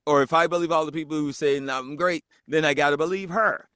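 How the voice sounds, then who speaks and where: A man's voice: on the high side, steady tone, fast, a bit bright, clear, resonant tone, dry recording, studio quality. A man guest on a podcast, telling a story in casual chat and acting out the voices of the people in it, laughing often.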